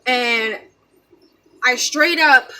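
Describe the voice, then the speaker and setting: A woman's voice: high voice, very slow. A young woman vlogger telling a personal story in a casual, rambling way, acting out what people said. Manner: animated, rambling, acts out quotes.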